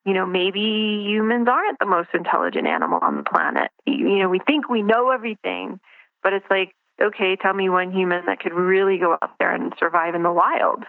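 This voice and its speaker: Her voice creaky and medium in pitch, a woman guest speaks a little fast in a casual phone interview. She reflects, gropes for words and restarts sentences. The audio comes through a tinny, dry line with no room sound.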